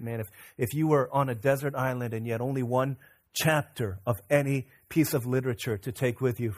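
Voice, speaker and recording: A man in his thirties preaching a sermon as a pastor, swinging from soft and low to loud and high when he stresses a point.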